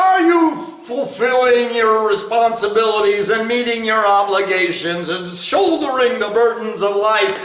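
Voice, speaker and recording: A man's voice: high-pitched, a bit bright, far from the mic. A man giving a spiritual talk as teacher, telling stories animatedly and laughing often. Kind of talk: devotional talk with questions. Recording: echoey room, away from the mic.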